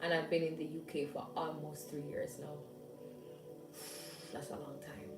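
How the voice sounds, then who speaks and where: A woman's voice: deep voice, flat delivery, measured pace, reverberant, far from the mic, over loud music, rough recording. A young woman with a Jamaican accent, chatting casually to her viewers with rambling asides and frequent laughs. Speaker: vlogger. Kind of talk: casual chat.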